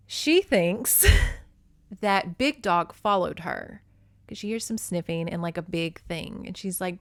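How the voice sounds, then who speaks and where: A woman's voice: on the low side, takes it slowly, no room sound, clean studio sound. A woman hosting a podcast, recapping a romance novel in a chatty, profane way with lots of fillers. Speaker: podcast host. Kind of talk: casual book recap.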